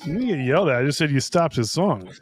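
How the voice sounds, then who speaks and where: A man's voice: fairly high pitch, sing-song, fast. A man co-hosting a casual music stream, jokey, laughing often and stumbling over his words. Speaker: co-host. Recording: music playing clearly behind.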